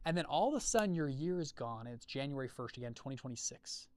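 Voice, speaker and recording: Man, slightly high voice, dry close sound, energetic storyteller, chatty check-ins. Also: quick pace, few pauses, clean tone, no room sound. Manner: energetic, acts out quoted dialogue with shifting voices; conversational, many fillers and check-ins. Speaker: business coach hosting a live call. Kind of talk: storytelling talk to an audience.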